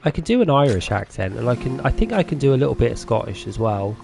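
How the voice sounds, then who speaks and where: A man's voice: mid-range voice, very animated, fast talker, creaky, music in the background. A man with a Norfolk English accent chatting casually with viewers while streaming a farming game, chatty and self-deprecating, laughing often. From England.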